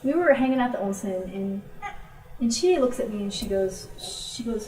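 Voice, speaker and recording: A woman gives an informal talk to a church group in a lively storytelling way, now and then acting out what her friends said. Her voice is mellow and warm. She is recorded from a distance in a roomy space with echo. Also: mid-range voice, moderate pace. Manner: storytelling, animated when quoting friends. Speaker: missionary speaker.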